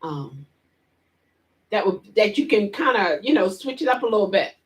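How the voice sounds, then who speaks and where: A woman vlogger casually retelling a story and chatting with viewers, animated and quick to laugh. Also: medium pitch. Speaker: vlogger hosting a live chat.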